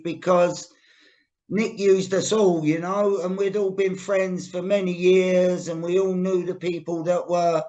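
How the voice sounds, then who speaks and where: A man with a London accent hosting a podcast in a casual, conversational way. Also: a little high. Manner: conversational, filler-heavy. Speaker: podcast host, actor. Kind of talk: casual chat.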